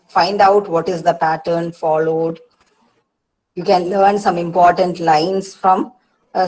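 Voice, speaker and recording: A woman with an Indian English accent giving a patient lecture to students, often pausing with "uh" and "see" and repeating key points. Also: on the low side, darkish tone, low-quality recording. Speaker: English literature teacher. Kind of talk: online lecture on poetic meter.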